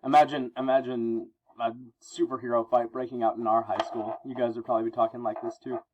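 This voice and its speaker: A man's voice: medium pitch, a little fast. Man teaching a comic book lesson, lots of ums, muffled audio. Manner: explanatory, relaxed, many fillers. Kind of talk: reading and explaining a comic book.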